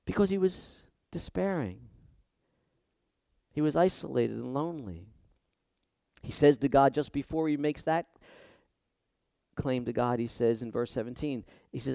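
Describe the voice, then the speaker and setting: Male preacher, high voice, passionate sermon delivery with stumbling repeats; dry recording. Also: expressive, normal speed, no echo. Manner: impassioned, swinging from hushed to loud and emphatic; repeats words when stirred.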